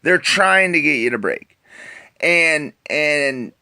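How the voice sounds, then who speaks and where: A man's voice: a little high, lively intonation, slow pace, pushed and bright, smooth. A young man casually telling a personal story to camera, rambling with many fillers and restarts. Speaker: vlogger.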